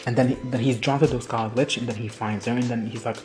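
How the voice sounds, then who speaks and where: A man's voice: medium pitch, steady tone, fast talker, music in the background. Crude, laughing man recapping a show. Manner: crude, swears freely, laughs often, acts out characters. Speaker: reaction vlogger. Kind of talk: casual recap and reaction.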